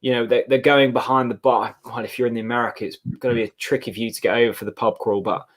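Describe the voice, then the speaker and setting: Bloke, co-host, casual football chat, excitable, middle pitch. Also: male voice, very fast. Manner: chatty, excitable, laughing. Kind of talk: casual live match chat.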